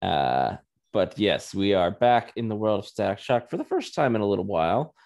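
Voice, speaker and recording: A man's voice: fairly low pitch, very animated, moderate pace, creaky, darkish tone. A man co-hosting a podcast, chatting casually and wryly with plenty of "uh"s. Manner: wry, joking, with frequent filler "uh". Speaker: podcast co-host. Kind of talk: casual podcast review chat.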